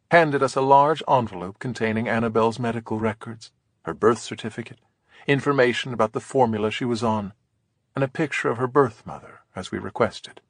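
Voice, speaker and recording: A man narrating an audiobook in a soft, whispered storytelling way, gentle and unhurried, close to the mic. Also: mid-range voice, husky, no room sound.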